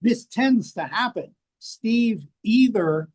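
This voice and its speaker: Older american guy, kinda high voice, swears a lot, brutally honest interview chat. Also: lively intonation, slow pace, a little mellow, husky. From United States. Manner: blunt, profane, self-mocking. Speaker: interview guest, author. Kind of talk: candid casual conversation. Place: rainy place indoors, rain outside.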